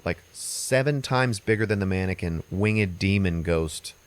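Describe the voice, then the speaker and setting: A man's voice: low voice, unhurried. A man hosting a podcast, recapping a movie plot in a loose, rambling, casual way with some swearing. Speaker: podcast host.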